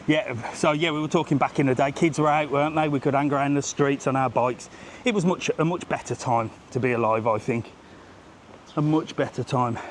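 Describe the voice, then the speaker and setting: A middle-aged man holds his phone as he walks a sunny seafront street, chatting in a live vlog with a jokey, ranting manner and slightly short of breath. His voice sits in the mid range, with a little hiss or hum on the recording.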